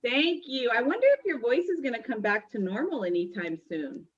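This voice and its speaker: High bubbly lady hosting a school assembly, talks slow and playful, kinda muffled lo-fi audio. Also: lively intonation, slight background noise. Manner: bubbly and teasing, sing-song greetings.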